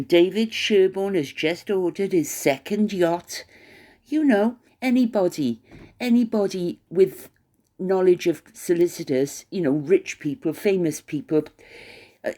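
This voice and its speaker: Brief: low, mellow-voiced woman ranting scornfully, lots of stumbling restarts. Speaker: commentary vlogger. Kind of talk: opinionated monologue.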